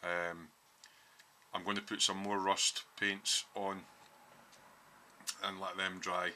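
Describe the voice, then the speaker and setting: A man talks through his model build in a home workshop, pausing often with ums as he explains each step. His voice sits very low but has a sharp, bright edge. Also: level tone, slight background noise. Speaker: hobby scale modeller. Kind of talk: casual workshop build walkthrough.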